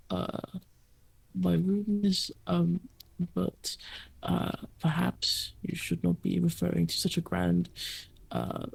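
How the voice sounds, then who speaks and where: A woman's voice: lowish voice, vocal fry, a little mellow, husky, heavily acted, poor audio. A woman voicing a timid, polite young man who stammers and hesitates. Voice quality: halting, stammering.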